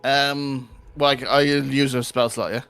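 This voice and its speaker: A man's voice: mid-range voice, fairly even intonation, measured pace, a bit bright, clear, resonant tone, faint music behind. A man playing a tabletop game, chatting casually and a bit hesitantly. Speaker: player. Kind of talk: casual play chat.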